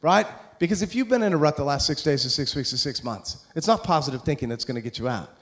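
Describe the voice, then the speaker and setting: A man in his forties with an American accent, giving an excitable, jokey motivational talk to an audience at a school event. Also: a little high, fast talker. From USA. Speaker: motivational speaker.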